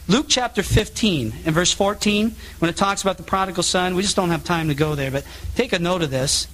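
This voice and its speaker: A middle-aged man giving a sermon-style public talk, animated and acting out the voices of people in his stories. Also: sits high. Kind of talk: sermon with anecdotes. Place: meeting hall.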